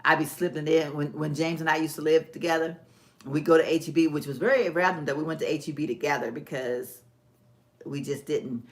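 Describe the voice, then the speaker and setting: A woman's voice: low voice, steady tone, a little fast. A woman, hosting a casual live stream and chatting folksily with viewers while she does her nails. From Texas. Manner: chatty, folksy, laughs often, talks to viewers as "girl". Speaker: vlog host. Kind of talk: casual livestream chat.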